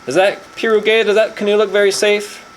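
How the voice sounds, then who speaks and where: A woman's voice: mid-range voice, brisk, slight background noise, rough recording. A young woman teacher reading a picture book aloud to a class of small children, stopping to quiz them on words. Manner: lively storyteller quizzing children on vocabulary. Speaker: teacher reading to first graders.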